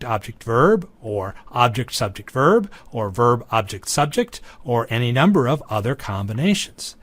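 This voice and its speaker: A man giving a recorded lecture, teaching in a measured, deliberate way. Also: medium pitch, no echo.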